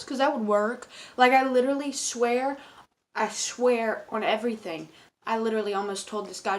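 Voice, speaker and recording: Young woman, fed-up cashier, casual profane rant, slightly high voice. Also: moderate pace. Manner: exasperated, profane and emphatic. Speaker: convenience store cashier. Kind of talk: casual ranting vlog.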